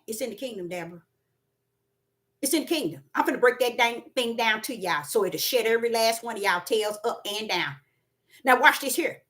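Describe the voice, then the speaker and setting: A woman preaching a spontaneous sermon, repeating words for emphasis and swinging between loud and soft. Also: fairly high pitch. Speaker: self-styled prophet and preacher.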